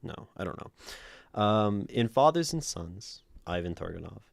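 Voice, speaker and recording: A man's voice: on the low side, sing-song, unhurried, gravelly, no echo. A man hosting a livestream, reading viewer submissions aloud and commenting on them, thinking aloud with many fillers, self-corrections and laughs. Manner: laughs often mid-sentence.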